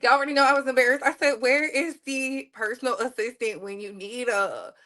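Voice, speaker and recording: A woman's voice: fairly high pitch, a little fast, a bit bright. A woman hosting a casual live stream, chatting playfully with viewers and repeating her phrases. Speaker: livestream host.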